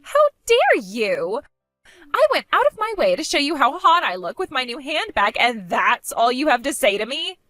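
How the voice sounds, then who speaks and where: A woman's voice: high-pitched, very animated, fairly quick, few pauses, sharp tone, dry recording, exaggerated voice. A woman voicing a spoiled, bratty young woman who taunts her older sister in a mocking, sing-song way. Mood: demanding. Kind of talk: animated story voice acting.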